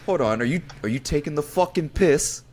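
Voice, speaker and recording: A man's voice: fairly high pitch, lively intonation, fairly quick, darkish tone, a little hiss or hum, voice pushed up, close to an everyday voice. An American man putting on a rowdy, swearing British accent as a joke. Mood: mock outraged. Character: rowdy British bloke, gruff.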